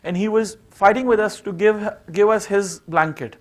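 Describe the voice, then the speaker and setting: A man's voice: sits high, moderate pace. A man giving an informal seminar talk, telling stories in a conversational way with plenty of fillers. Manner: conversational, full of "you know" fillers. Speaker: seminar speaker.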